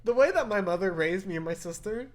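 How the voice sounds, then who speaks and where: A woman's voice: mid-range voice, fast. Giggly young woman telling stories. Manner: animated, giggly, acts out quoted voices. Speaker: podcast co-host. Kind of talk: casual storytelling chat.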